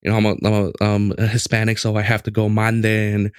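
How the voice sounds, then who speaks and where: A man in his late twenties casually telling a story in a lively, conversational way, with lots of restarts. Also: fairly low pitch, a little fast, clean tone, no room sound, studio quality. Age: late 20s.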